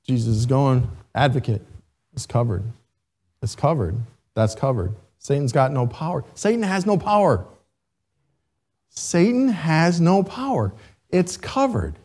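Animated male pastor preaching slowly. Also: fairly high pitch. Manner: animated, repeats "right?" to the congregation. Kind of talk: sermon.

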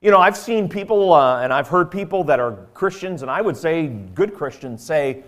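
A man's voice: fairly high pitch, lively intonation, normal speed. Earnest man preaching a sermon. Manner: earnest, conversational preaching with frequent fillers. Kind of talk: sermon with personal story.

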